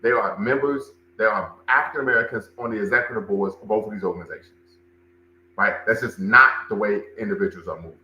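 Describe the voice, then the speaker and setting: A man's voice: lowish voice, quick pace, bright, forceful tone, reverberant, muffled recording, slight background noise. A man hosting a livestream, commenting and talking with his chat, emphatic and repeating phrases for stress. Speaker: livestream show host and cultural center director.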